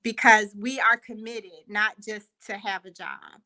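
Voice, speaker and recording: A woman's voice: mid-range voice, fairly even intonation, measured pace, bright, forceful tone, low-quality recording. A woman speaking as a guest in a casual video chat, earnest and thoughtful, often restarting her phrases. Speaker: guest, company co-founder.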